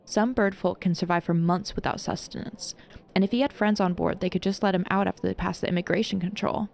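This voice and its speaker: A woman's voice: medium pitch, fairly even intonation, a little fast, vocal fry, a little mellow, lightly acted. A woman voicing a shrewd, cheerful tiefling tavern keeper who talks in a gossipy, chatty way.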